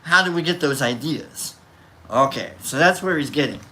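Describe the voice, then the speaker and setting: A teacher giving a casual philosophy lesson, reading from a book and thinking out loud, with many fillers and self-corrections in a laid-back, jokey way. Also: medium pitch, lively intonation, moderate pace.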